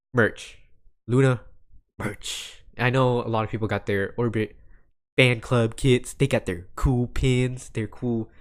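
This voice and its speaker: A man hosting a casual solo podcast, rambling and self-deprecating and apologizing often. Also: lowish voice. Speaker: podcast host.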